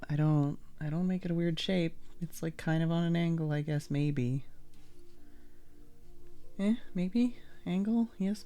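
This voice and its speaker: A woman's voice: low voice, a little mellow. A woman hosting a casual livestream, chatting in a rambling way and laughing often. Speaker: livestream host. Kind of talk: casual chat while making art on stream.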